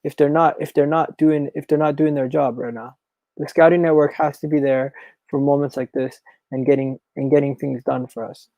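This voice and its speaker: A man hosting a live football talk stream, reading viewer comments and repeating his phrases in a chatty, animated way. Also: on the high side, normal speed, no echo, poor audio. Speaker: football channel host.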